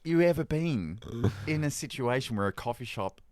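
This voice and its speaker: A man co-hosting a podcast, telling an animated story and acting out the people in it. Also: medium pitch, moderate pace, dry recording, studio quality. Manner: animated storyteller, acts out quoted voices. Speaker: podcast co-host. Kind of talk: casual chat, storytelling.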